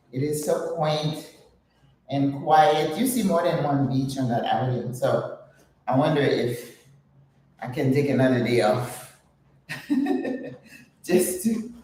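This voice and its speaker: A woman's voice: extremely low pitch, slow pace, long pauses, dark tone, distant mic, slight background noise. Older woman chatting while stretching, echoey. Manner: chatty, laughs often, breathy exertion sounds. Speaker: channel host. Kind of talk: casual vlog while exercising.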